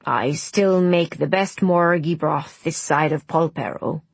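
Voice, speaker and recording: A woman voicing a gruff elderly village man who talks bluntly and slowly around his pipe. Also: low voice, no room sound, heavily acted. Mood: proud. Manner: blunt, clipped, grumbling.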